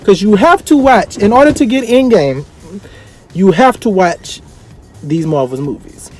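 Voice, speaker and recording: A young man with speech giving an effusive, dramatic casual vlog review, swinging from excited highs to quiet asides. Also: normal speed. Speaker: vlogger reviewing a film. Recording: faint music behind.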